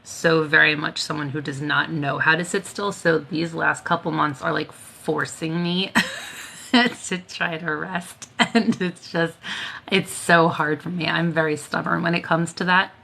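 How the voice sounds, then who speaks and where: Woman, casual live-stream chat, tired, laughs a lot, bright sharp tone. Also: low voice, steady tone, a little slow, vocal fry. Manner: chatty storytelling, laughs often. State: tired, worn out. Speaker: Reiki healer hosting a live stream.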